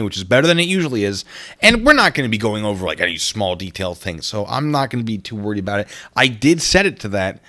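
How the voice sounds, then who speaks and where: A man with a fairly low voice talks casually to his livestream audience. He rambles, catches himself mid-sentence and drifts off to read comments aloud, then picks the thread back up. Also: pushed and bright. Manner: rambling, easily distracted, reads chat aloud.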